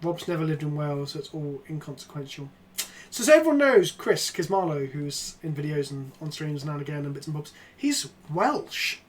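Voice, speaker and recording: A man, streaming a card game in casual, jokey chat that breaks into loud excited outbursts. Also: fairly high pitch, normal speed. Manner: swearing, joking, excitable outbursts.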